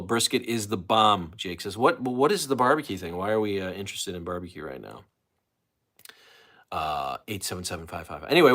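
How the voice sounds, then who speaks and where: A man's voice: medium pitch, fairly bright tone. A man hosting a casual livestream, talking loosely with lots of fillers and restarts as he reads the chat. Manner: loose, self-interrupting, chatty with many fillers. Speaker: livestream host.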